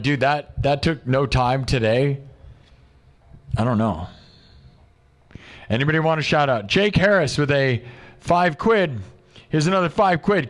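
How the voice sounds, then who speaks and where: Young male streamer, slightly high voice, loose and excitable, talks off the cuff to his chat. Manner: excitable, loose, peppered with "dude" and "like"; reads out supporters' names in a quick list. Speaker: livestream host. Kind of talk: casual rambling livestream chat.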